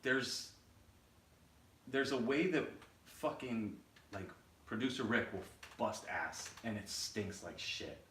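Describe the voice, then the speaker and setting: A man's voice: on the low side, animated, takes it slowly, long pauses, a bit bright. A man co-hosting a podcast, talking in a casual, blunt, opinionated way and swearing freely. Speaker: podcast co-host. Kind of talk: casual chat. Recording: roomy echo, distant mic, faint noise.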